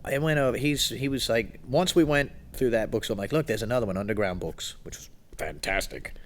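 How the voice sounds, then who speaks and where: A man's voice: mid-range voice, a little fast. Chatty man, rambling storyteller. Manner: rambling storyteller, laughs often, acts out quotes. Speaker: podcast co-host. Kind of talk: casual chat.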